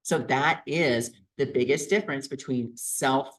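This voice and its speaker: Working through his feelings out loud, a man vlogs a reflective self-help talk in an earnest, repetitive way. He has a mid-range voice and a measured pace, captured on poor audio.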